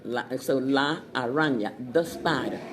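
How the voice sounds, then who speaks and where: A woman chatting casually as she pitches her Spanish dictionary, repeating words and laughing at her own jokes. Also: a little slow. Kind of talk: casual sales chat with jokes. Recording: crowd noise behind.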